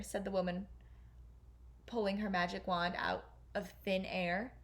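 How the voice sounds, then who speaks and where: Woman teacher, storybook read-aloud, mid-pitched, slows and softens at sad moments.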